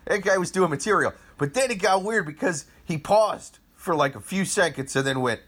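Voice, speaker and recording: A man who works as a comic, talking politics in a casual chat and jumping up and down in pitch as he gets worked up. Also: normal speed. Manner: animated, shifts pitch a lot. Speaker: comedian, podcast co-host.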